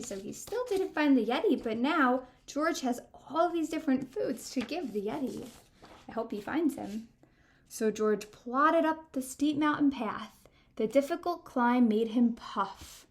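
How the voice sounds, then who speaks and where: A woman's voice: fairly high pitch, slow pace. A woman librarian reading a storybook aloud to children and talking to them directly. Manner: animated, addressing kids directly.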